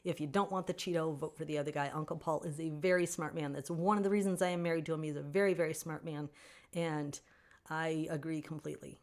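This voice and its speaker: A woman hosting a casual livestream Q&A for fans, answering viewer comments in an animated, opinionated way and laughing often. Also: deep voice, quick pace. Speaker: author hosting a fan Q&A stream.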